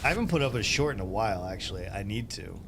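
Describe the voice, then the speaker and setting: A man's voice: fairly low pitch, lively intonation, fast, gravelly, noisy background. A man streaming a game, chatting casually in a rambling way that keeps breaking off and often turns into laughter. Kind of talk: casual live-stream chat.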